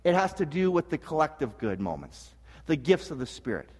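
A man with a high voice preaches a sermon, earnest and animated, stumbling into restarts and dropping in jokes. His voice rings out with a long reverb from a church sanctuary. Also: brisk. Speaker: pastor. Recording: long reverb of a large hall.

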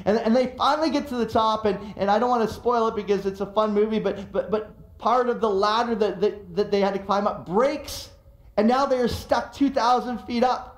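High-voiced pastor preaching in an echoey room. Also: male voice, moderate pace. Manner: animated, emphatic storytelling. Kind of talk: sermon.

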